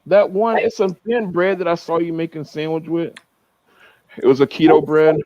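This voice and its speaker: A man's voice: fairly high pitch, fairly even intonation, normal speed, a little mellow, dry recording. Laid-back man on a muffled call. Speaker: host. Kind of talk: casual group chat on a video call.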